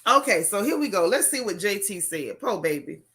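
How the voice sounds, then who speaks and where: A woman's voice: medium pitch, expressive, moderate pace, a bit bright. A woman hosting a casual gossip livestream, chatting straight to her viewers and reading posts aloud in her own voice.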